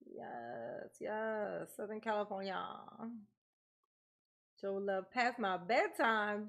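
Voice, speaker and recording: A woman's voice: medium pitch, slow, a bit bright. A woman hosting a livestream, greeting viewers by name in casual, playful chat and laughing often. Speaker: livestream host.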